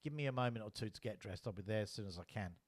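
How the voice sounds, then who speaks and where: A man voicing a young male country constable, answering in a quick offhand way. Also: lowish voice, dry recording, close to an everyday voice. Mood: hurried.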